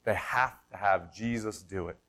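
A man's voice: moderate pace, a bit bright. A man preaching a sermon as pastor, telling the story in a conversational way with everyday examples and building intensity. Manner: storytelling, builds to impassioned pitch.

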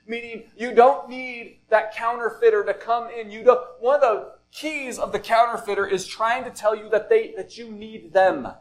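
A male pastor preaching a sermon in deliberate phrases, often falling soft and low at the end of a thought. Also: fairly even intonation, poor audio.

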